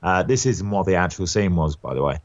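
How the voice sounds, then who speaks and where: A man's voice: low voice, animated, a little fast, lo-fi sound. A male actor guest chatting casually, rambling and self-deprecating with plenty of fillers and laughs. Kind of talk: casual anecdotal chat.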